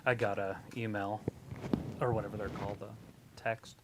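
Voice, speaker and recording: A woman's voice: a bass voice, level tone, normal speed, background noise. A woman co-hosting a wrestling watch-along stream in casual chat, giving opinions in an explaining manner.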